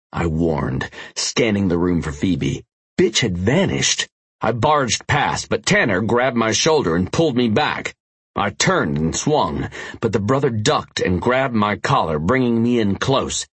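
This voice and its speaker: A man with a very deep, husky voice reads a first-person audiobook. His delivery is gritty and profane, with a lively, swinging pitch. The recording is dry and close. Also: a little slow, no echo. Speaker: audiobook narrator.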